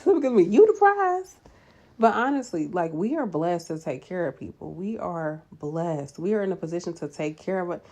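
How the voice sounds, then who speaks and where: A woman nurse giving animated, preachy, encouraging advice in a casual vlog. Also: fairly low pitch.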